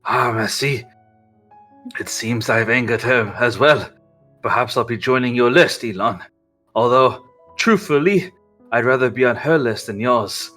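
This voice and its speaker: A courteous, pleading gentleman with a French accent, put on by a man running a tabletop game. The voice is bright and a little higher than the man's own. Soft music plays underneath. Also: expressive, normal speed. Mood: wry.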